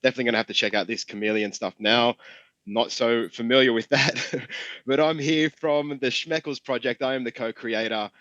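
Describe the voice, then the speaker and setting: An Australian man, a guest on a live chat, explaining his project in a friendly, easygoing way. His voice sits in a middle pitch and sounds dry and a little dull. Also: steady tone, brisk, fairly bright tone, no room sound. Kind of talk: casual chat.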